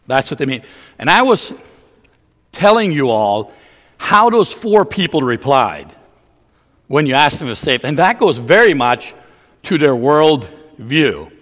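A man's voice: on the high side, a bit bright, in a large hall. A man preaching a teaching sermon, explaining ideas in a loose way with frequent restarts.

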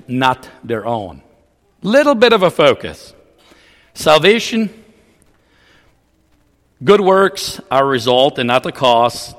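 A man's voice: mid-range voice, a bit bright, long reverb tail. A man preaching a teaching sermon, explaining ideas in a loose way with frequent restarts.

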